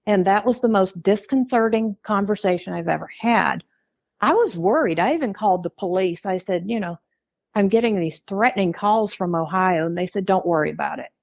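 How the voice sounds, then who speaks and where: A woman's voice: medium pitch, normal speed, a little mellow, no echo, lo-fi sound. A middle-aged American woman, a podcast guest, tells her life story candidly and wryly, acting out what people said. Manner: candid, wry storytelling with quoted dialogue.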